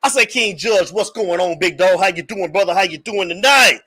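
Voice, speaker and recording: Man, sports call-in host, high voice, bright tone, hyped casual talk, slangy. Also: normal speed, poor audio. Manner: energetic hype man, calls out viewers, slangy.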